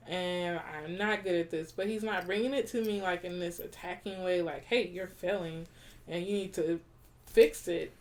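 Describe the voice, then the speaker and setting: A woman co-hosting a relationship podcast speaks in an easygoing, reflective way. She circles back to rephrase her points and laughs lightly as she goes. Her voice sits at a middle pitch. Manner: reflective, laughs often, repeats and rephrases ideas. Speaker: podcast co-host. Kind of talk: casual relationship podcast chat.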